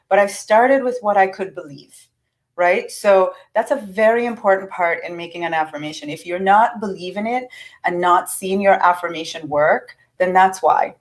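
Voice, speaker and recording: A woman's voice: medium pitch, rough recording. A middle-aged woman giving a casual, earnest teaching talk on affirmations. She is encouraging and often restarts her sentences.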